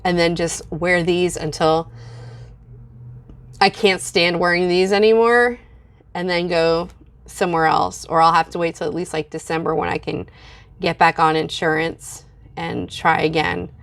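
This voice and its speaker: A middle-aged woman vlogging in a candid, venting way, with frequent fillers and pauses. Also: on the low side, fairly even intonation, gravelly. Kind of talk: casual vlog.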